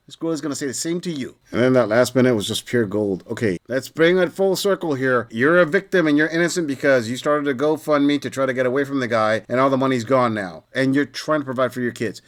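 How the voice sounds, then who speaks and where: Male host, mid-pitched, sarcastic lecturing reaction commentary, blunt. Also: fast, hardly any pauses.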